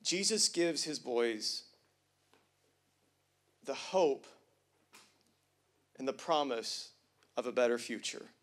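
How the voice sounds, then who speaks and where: A male pastor preaching a sermon with casual slang, swinging from hushed to loud and emphatic. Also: mid-range voice, expressive, takes it slowly, pauses often. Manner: casual slang, jokes with the congregation.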